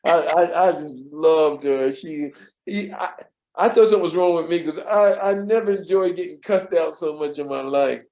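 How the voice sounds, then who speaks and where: His voice is a little high, his pace moderate, as he tells an interviewer casual stories from a workplace in his past. Animated throughout, he acts out the voices of people he quotes, chuckles often, and repeats words while recalling.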